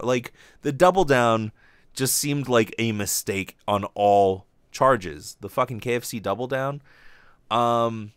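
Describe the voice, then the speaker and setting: A man's voice: mid-range voice, no room sound. Profane, rambling male podcaster. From Hawaii. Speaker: podcast host. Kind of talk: casual solo podcast rant.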